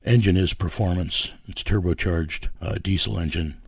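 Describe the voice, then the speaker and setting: A man's voice: low-pitched, steady tone, moderate pace, creaky, husky, no room sound, studio quality. A man telling a story in an interview. He rambles in a casual, profane way and keeps acting out conversations with "I said" and "he goes.". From United States. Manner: rambling, profane, reenacts dialogue with repeated "I said". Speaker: interviewee, vigilante team leader.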